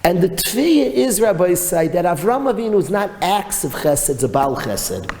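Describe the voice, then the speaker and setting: A man teaching a Torah class as a rabbi, telling stories in an animated way and mixing in Hebrew and Yiddish terms. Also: high voice, normal speed, hardly any pauses. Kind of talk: storytelling Torah lecture. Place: yeshiva hall. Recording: reverberant hall with faint noise.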